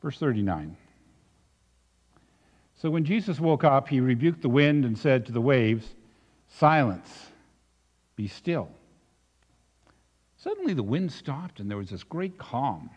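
A male pastor preaching a sermon in a reflective way, dropping soft and then rising with emphasis. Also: mid-range voice, very animated, normal speed, slightly rough. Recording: dull recording with long reverb.

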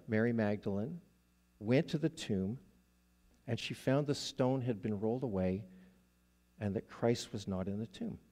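Male guest preacher, unhurried, warm dark tone, storytelling sermon delivery. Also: mid-range voice. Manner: slow, deliberate storytelling with dramatic pauses.

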